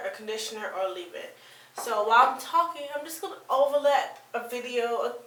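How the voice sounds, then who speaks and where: A woman's voice: on the high side, fairly bright tone, echoey room, distant mic, low-quality recording. A woman vlogger giving a casual, rambling product review with plenty of fillers and restarts. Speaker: beauty vlogger.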